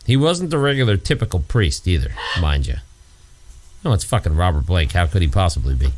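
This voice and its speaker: A man chatting casually as a podcast co-host, his pitch swinging widely as he rambles from one story to the next. He swears freely and keeps circling back on himself mid-sentence. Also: sing-song, fairly quick, a little mellow. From New York area. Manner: rambling storyteller, swears, acts out scenes in high put-on voices. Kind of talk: casual chat.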